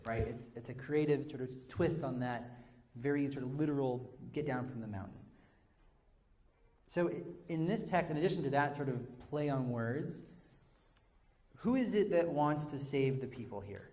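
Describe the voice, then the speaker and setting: A man's voice: mid-range voice, animated, normal speed, a little mellow. A man teaching as a rabbi, leading an interactive text study and taking questions, talking conversationally with frequent "sort of" and "right?".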